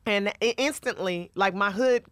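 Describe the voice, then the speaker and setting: A woman comedian telling a personal story in a candid interview, lively and profane, often acting out the voices of the people in it. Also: medium pitch, moderate pace, dry recording. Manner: animated, profane, acts out voices in her stories. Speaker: stand-up comedian guest.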